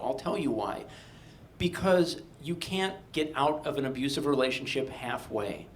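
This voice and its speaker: Guy from delaware doing a live comedy story, wry, lively, middle pitched voice, faint rumble. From Delaware, USA. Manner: wry, animated, comic timing. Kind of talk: live personal storytelling for an audience.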